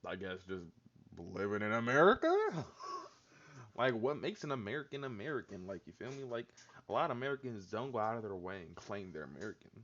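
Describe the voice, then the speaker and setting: A man's voice: lowish voice, animated, quick pace, a bit bright. Slangy joking man, lo-fi sound. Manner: slangy, loose and joking, lots of "like" and "bro". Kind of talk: casual chat. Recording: dull lo-fi sound.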